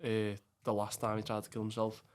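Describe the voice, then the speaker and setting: A man's voice: fairly low pitch, completely flat delivery, a little fast. A man from Liverpool with a Scouse accent, talking bluntly in a casual podcast chat, swearing often and calling people lad. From Bootle, Liverpool, England. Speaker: podcast guest.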